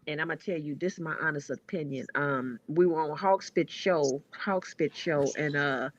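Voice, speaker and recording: A woman co-hosting an online stream, telling a long story in a blunt, animated way, swearing freely and repeating her words as she goes. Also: low-pitched, normal speed, lo-fi sound. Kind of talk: casual chat.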